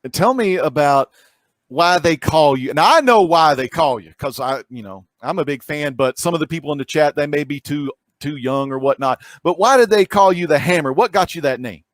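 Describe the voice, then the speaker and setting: A man with a slightly high voice hosts a casual interview, full of eager slang. His questions ramble, and the sound is dry and close. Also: lively intonation, normal speed, no echo. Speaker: host.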